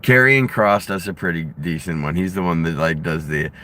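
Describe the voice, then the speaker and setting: A man in casual chat, excitable, laughing often and swearing casually. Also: low voice, normal speed.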